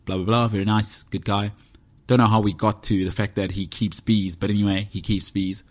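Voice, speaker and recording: Here a podcast host talks on his own in a heated room indoors, his voice on the low side, darkish, level in tone, and a little fast. The casual monologue is rambling and jokey, full of self-mockery.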